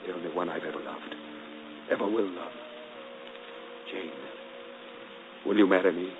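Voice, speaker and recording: A brooding, passionate gentleman, played by an actor in a 1940s radio drama, speaking in an ardent, intense voice that sometimes drops to a hushed plea. The voice comes through a muffled old broadcast with steady hiss. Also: low voice, normal speed, natural voice. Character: brooding gentleman employer Rochester, passionate and tormented.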